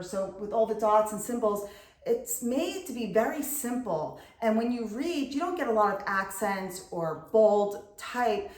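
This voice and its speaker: In an instructional video, a middle-aged woman reading tutor patiently explains and clearly sounds out syllables. Her voice is medium in pitch, and the room is echoey.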